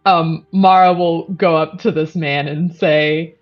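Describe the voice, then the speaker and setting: Slow-talking woman player, muffled mic. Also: sits low, steady tone, faint music behind. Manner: laid-back, chatty. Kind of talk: casual tabletop play.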